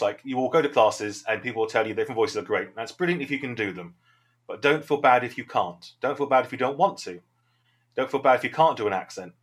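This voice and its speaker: A man's voice: lowish voice, a bit bright. A man with a Southern English accent, an improv teacher talking through his thoughts in a reflective, rambling interview answer.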